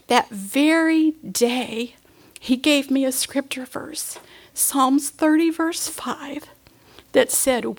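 A woman's voice: high voice, slow pace. A woman giving a sermon, earnest and emotional, at times dropping to a near whisper and tearful. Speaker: pastor's wife preaching.

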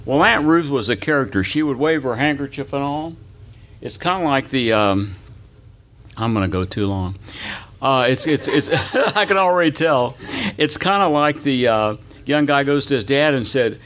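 A man's voice: medium pitch, animated, moderate pace, a bit bright. An older man teaching a Bible class as pastor, folksy and chatty, quizzing his listeners and telling anecdotes. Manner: folksy, asks the audience questions, tells anecdotes.

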